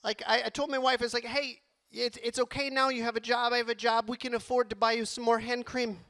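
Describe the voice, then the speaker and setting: A man doing a stand-up comedy set on a club stage, animated and rattling off long lists quickly. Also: extremely high pitch.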